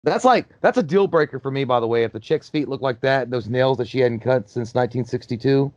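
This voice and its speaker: A man's voice: medium pitch, fairly quick, a little mellow, no room sound, dull audio. A man hosting a casual movie commentary, joking and cursing as he riffs on the film.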